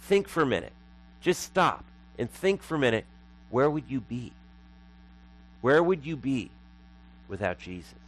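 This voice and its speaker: A man's voice: mid-range voice, low-quality recording. A man preaching a sermon as pastor, emphatic and repeating lines for effect.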